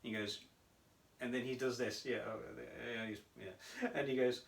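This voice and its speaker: Here a man of medium pitch co-hosts a casual podcast, spinning stories at normal speed with animated energy and frequent laughter. A distant mic gives the audio a roomy echo plus a little hiss or hum.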